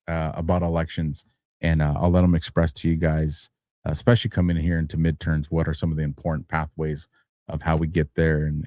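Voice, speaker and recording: A rather low-voiced man hosts a livestream from his studio, tired yet talking on at length. He chuckles often between loose, rambling phrases and turns loud and heated when he pushes a point. The sound is close and dry. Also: no room sound. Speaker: host of a live-streamed talk show. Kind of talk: casual live-stream commentary.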